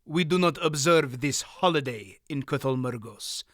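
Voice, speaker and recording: A man's voice: medium pitch, measured pace, a bit bright, no room sound, studio quality, lightly acted. A man reading as a cold, curt, scarred foreign male merchant with a heavy accent.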